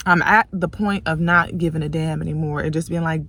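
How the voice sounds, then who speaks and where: A young woman, a tarot reader, venting to her viewers in a frustrated, profane rant, worn out and swinging from loud outbursts to low, tired muttering. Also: steady tone, fairly quick, few pauses, dry recording. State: exhausted.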